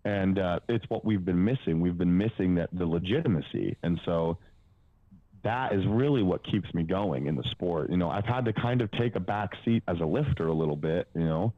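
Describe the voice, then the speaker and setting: A man's voice: sits low, normal speed, dry recording, phone-quality sound. A man in his twenties, a powerlifting coach guesting on a podcast, telling stories casually in a rambling way with lots of fillers and the odd swear. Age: 20s. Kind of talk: casual storytelling.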